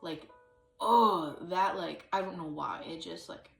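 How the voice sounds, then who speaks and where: A woman's voice: on the low side, steady tone, normal speed, vocal fry, echoey room, recorded from a distance, faint music behind. A woman chatting casually to camera, rambling with lots of fillers and hesitant restarts, now and then breaking into sung or acted snippets. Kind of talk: casual solo vlog chat.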